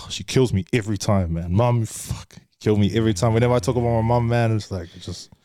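A man's voice: lowish voice, a little fast, mellow, dry recording. A young man, candidly telling stories from his life as a podcast guest, swearing freely and calling everyone bro. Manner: swears a lot, says bro constantly. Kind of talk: candid casual storytelling.

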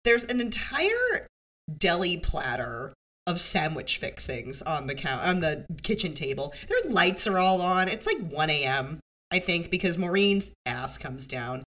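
Woman podcast co-host, bright tone, fairly low-pitched, animated casual recap chat. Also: a little slow. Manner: animated, acts out characters' lines, swears.

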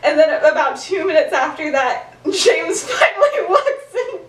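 A woman's voice: very high-pitched, sing-song, measured pace. A young woman casually retelling a story to a co-host, giggly and chatty with lots of "like". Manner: giggly, chatty, heavy use of "like". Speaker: podcast co-host. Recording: roomy, distant mic.

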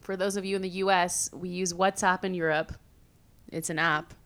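A young woman from California hosting a podcast, telling stories in a casual, animated way, full of fillers and swearing. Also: lowish voice, moderate pace. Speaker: podcast host. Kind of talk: casual storytelling chat.

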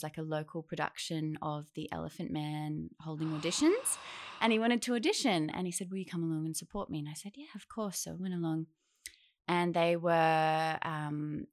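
A young woman, a guest on a podcast, telling a lively anecdote in casual conversation and acting out the voices of the people in it. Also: sits low. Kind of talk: casual storytelling interview.

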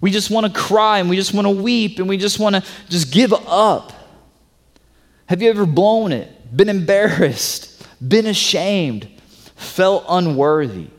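A male pastor preaching a sermon, swinging from loud emphatic stretches to soft hushed ones. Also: sits high, unhurried. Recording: long hall reverb.

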